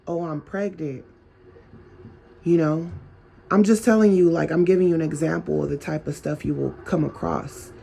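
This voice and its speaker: A man's voice: a little high, fairly even intonation, brisk, vocal fry, warm tone, slightly rough. A man talking straight to his viewers in a casual advice monologue, chatty and full of rhetorical questions. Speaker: vlogger.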